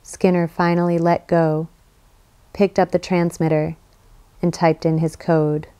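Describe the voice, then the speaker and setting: A woman narrating an audiobook in a slow, measured reading. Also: on the low side, flat delivery, warm tone, clear, resonant tone. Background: faint guitar music.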